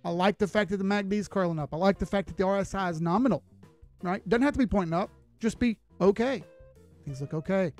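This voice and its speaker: A man's voice: high-pitched, quick pace, a little mellow, faint music behind. A man giving live chart analysis on a stream, talking casually and greeting viewers as he goes. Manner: casual, folksy, chats with viewers while reading charts.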